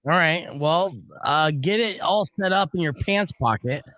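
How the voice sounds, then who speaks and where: A man hosting a radio morning show in a studio, chatting casually, swearing, and jumping up in pitch when he gets worked up. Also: measured pace, sharp tone, no room sound. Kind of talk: casual on-air banter.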